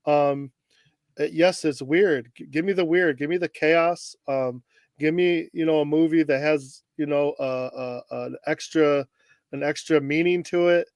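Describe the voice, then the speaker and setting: A man's voice: on the high side, fairly even intonation, a little slow, a little mellow, no room sound. A man co-hosting a casual podcast, emphatic and using fillers like "um" and "you know". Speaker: podcast co-host. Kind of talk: casual chat.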